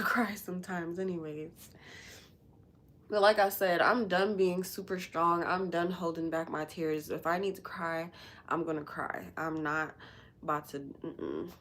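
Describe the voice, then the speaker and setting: A woman's voice: fairly low pitch, fairly bright tone, slight background noise. A woman hosting a casual livestream, talking candidly and bluntly in a rambling way with lots of fillers, sounding emotional after recent crying. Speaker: livestream host.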